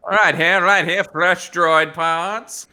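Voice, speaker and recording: A man's voice: high voice, fairly even intonation, slow, voice pushed up, heavily acted. A man voicing a small alien desert scavenger as a pushy carnival barker selling parts. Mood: hawking. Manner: loud carnival-barker hawking.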